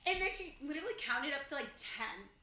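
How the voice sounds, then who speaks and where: High bright young woman telling a story. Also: quick pace, echoey room. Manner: animated, acts out quoted people. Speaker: podcast co-host. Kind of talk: casual storytelling chat.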